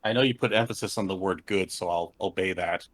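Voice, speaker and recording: Wry, lower-voiced man on a panel. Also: brisk, fairly bright tone. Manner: wry and opinionated. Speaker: cosplay panelist. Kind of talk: casual podcast panel chat.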